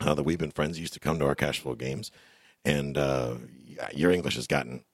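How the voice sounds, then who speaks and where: A man's voice: rumbling low, fairly quick, dry recording, clean studio sound. A middle-aged man hosting a casual interview show, chatty and joking with lots of restarts. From United States. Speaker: host.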